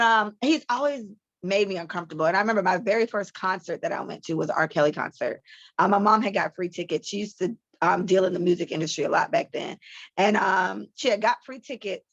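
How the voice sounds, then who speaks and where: Woman, 30s, podcast host, blunt and profane, casual commentary, gravelly voice, dry muffled mic. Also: medium pitch, dry recording. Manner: blunt, profane, animated storytelling.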